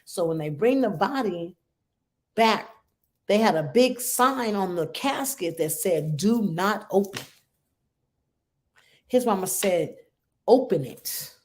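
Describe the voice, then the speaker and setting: A woman's voice: mid-range voice, expressive, slow, pauses often. Middle-aged woman hosting a grief support talk, emotional, keeps asking "right?" and "okay?". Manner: earnest, conversational, checks in with "right?" and "okay?". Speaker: host of a support group for grieving mothers.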